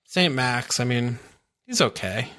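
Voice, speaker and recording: Tired man with a bright voice. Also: mid-range voice, expressive, unhurried. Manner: easygoing, many fillers like "you know" and "yeah". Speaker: podcast co-host. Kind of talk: casual chat.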